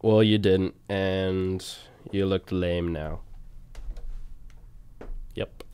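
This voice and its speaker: A man's voice: sits low, steady tone, very slow, warm tone, clear, resonant tone. A young man co-hosting a casual college radio show, rambling through stats and song intros with frequent fillers and laughs.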